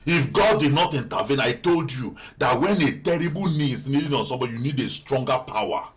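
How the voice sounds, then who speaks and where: A male pastor preaching a sermon, repeating phrases and building into impassioned, at times shouted prayer. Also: mid-range voice, lively intonation, a little fast.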